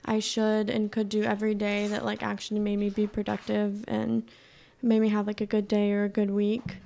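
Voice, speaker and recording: A young woman co-hosting a podcast, talking in a relaxed, chatty way with many fillers. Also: mid-range voice, moderate pace, creaky. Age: young adult. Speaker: podcast co-host. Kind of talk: casual chat.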